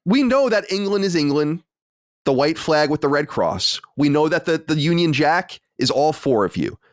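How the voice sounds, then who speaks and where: A man, co-hosting a podcast, talking in a rambling, profane, animated way with many restarts. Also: on the high side, normal speed, dry recording, clean studio sound. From United States. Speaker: podcast co-host. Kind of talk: casual chat.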